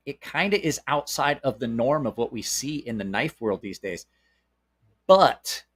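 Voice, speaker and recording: A man's voice: medium pitch, fairly bright tone. A man with a Southern American accent chats casually about gear in a mid-range voice. He is blunt and opinionated, and swears without hesitation. His sentences often stall and restart before he gets to the point. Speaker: knife channel host. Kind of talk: casual live-stream chat.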